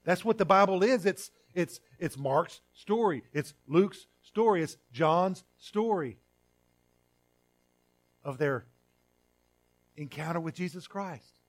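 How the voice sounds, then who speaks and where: A middle-aged pastor gives a sermon in a high-pitched, animated voice. His delivery is conversational, with repeated words and restarts, and it moves between loud emphasis and quiet, drawn-out passages.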